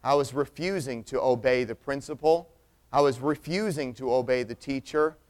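A man telling a personal story as a sermon illustration, animated and acting out the people in it. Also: mid-range voice, normal speed.

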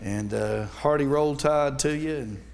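A man's voice: mid-range voice, a little slow, creaky, darkish tone, in a large hall. A middle-aged man with a North Alabama accent preaching a sermon as a visiting Baptist preacher, with folksy, joking asides. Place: church sanctuary.

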